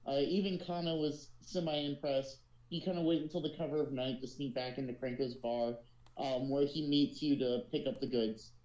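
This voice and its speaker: A man's voice: mid-range voice, fairly even intonation, moderate pace, darkish tone, echoey room, highs cut off. A man running a tabletop role-playing game as dungeon master, narrating casually with many ums and uhs. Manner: casual, filler-heavy narration.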